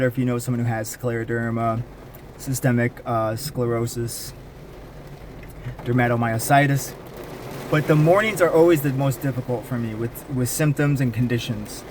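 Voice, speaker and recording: A man's voice: mid-range voice, a little hiss or hum. Man rambling candidly in a vlog. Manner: rambling, candid, frequent fillers and restarts. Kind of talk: casual personal vlog. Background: faint rain.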